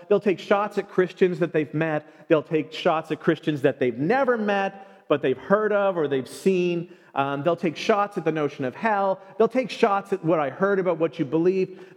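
A man giving a sermon in an animated way, often acting out short everyday exchanges. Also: high voice. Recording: long reverb.

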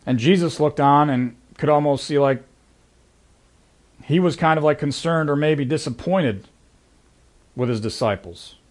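Speaking at normal speed in a slightly high voice, a pastor preaches earnestly and conversationally, suddenly stressing his key lines.

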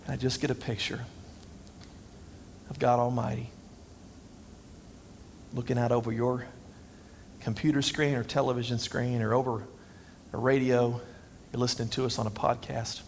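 A man's voice: medium pitch, flat delivery, normal speed, gravelly, long pauses, slight background noise. A man preaching a sermon as pastor, conversational and self-deprecating. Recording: long reverb.

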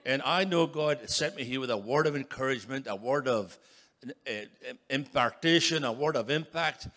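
A man in his sixties preaching as a guest speaker, emphatic and building to loud calls for an amen. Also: medium pitch, normal speed. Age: 60s. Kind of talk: sermon.

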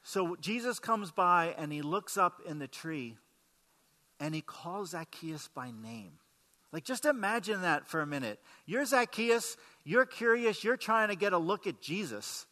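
Bright high-voiced preacher in a reverberant hall. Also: male voice, expressive, measured pace. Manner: conversational, asks the congregation questions. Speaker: pastor. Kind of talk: sermon.

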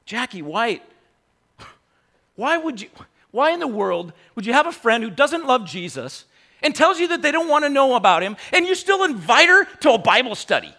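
A man preaching a sermon in an animated way, full of mocking rhetorical questions and frequent laughter. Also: very high-pitched, normal speed.

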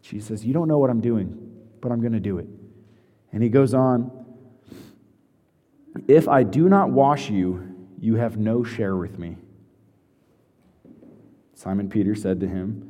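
A pastor delivering a sermon, moving between hushed scripture reading and lively storytelling. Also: male voice, on the low side, unhurried, pauses often. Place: church sanctuary. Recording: long hall reverb.

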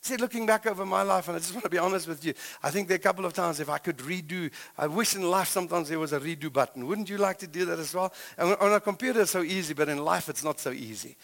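South african pastor guy preaching, high bright voice, swings loud then hushed telling stories. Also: quick pace, creaky, hardly any pauses, big-room sound. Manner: animated storytelling, swings between loud and hushed. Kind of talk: sermon.

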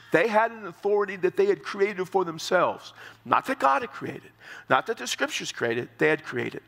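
A man preaching an expository sermon, earnest and explanatory, often repeating words and climbing higher as he drives a point home. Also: creaky, sharp tone. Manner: earnest, repeats words while explaining, rises in pitch for emphasis.

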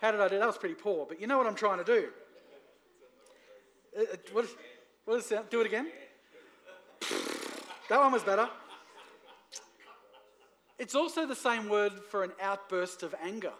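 A man preaching to a church congregation, lively, asking the room for responses. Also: sits high, moderate pace, long pauses. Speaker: pastor. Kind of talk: sermon.

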